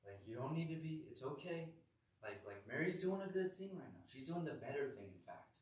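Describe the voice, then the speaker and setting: A man voicing a calm teacher who soothes an upset woman in soft, casual words. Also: fairly high pitch, brisk, voice pushed up. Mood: reassuring. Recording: echoey room, distant mic.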